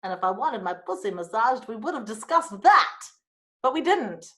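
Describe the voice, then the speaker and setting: A woman's voice: on the high side, sing-song, moderate pace, bright, forceful tone. A woman hosting her own podcast, telling a personal story frankly with swearing and wry asides. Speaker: podcast host.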